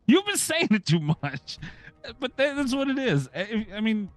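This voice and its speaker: A man's voice: high-pitched, sing-song, a little slow, no echo. A middle-aged man hosting a podcast, chatting casually, ranting sarcastically and swearing freely. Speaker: podcast host.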